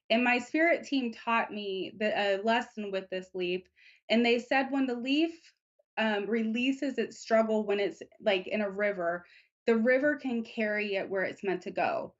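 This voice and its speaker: A woman psychic talks through a reading in a gentle, reassuring voice that sits a little high. She takes her time and keeps the tone calm and soft. The audio is dull and lo-fi, like a stream recording. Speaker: psychic reader. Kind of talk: live psychic reading on internet radio.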